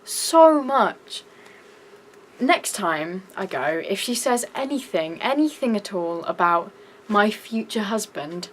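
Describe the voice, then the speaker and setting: A young woman with a British accent ranting in a vlog, shouty and exasperated. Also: medium pitch, slight background noise, low-quality recording. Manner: shouty, exasperated, breaks into laughs. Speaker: vlogger.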